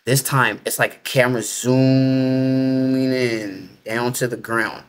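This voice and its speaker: Guy rambling thru a personal story, lots of "like", loose grammar, mid pitch. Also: steady tone, slow, clean tone. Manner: rambling, heavy use of filler 'like'; informal nonstandard grammar. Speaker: interview guest. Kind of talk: casual storytelling.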